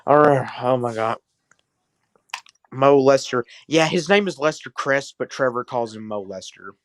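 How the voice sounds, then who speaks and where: A man's voice: mid-range voice, lively intonation, a little slow, no echo. A man hosting a comedy podcast, reading fan fiction aloud with sarcastic, swearing asides. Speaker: podcast host.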